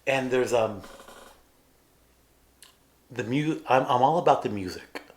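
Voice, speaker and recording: A man's voice: mid-range voice, slow. A man co-hosting a podcast in casual chat, earnestly retelling film scenes and acting out the characters' lines. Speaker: podcast co-host.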